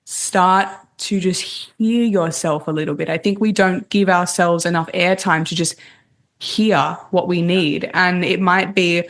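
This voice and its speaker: A woman dating coach, a guest on a podcast, calmly explaining techniques step by step in casual conversation. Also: on the low side, measured pace. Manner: calm, explanatory, walks through techniques step by step.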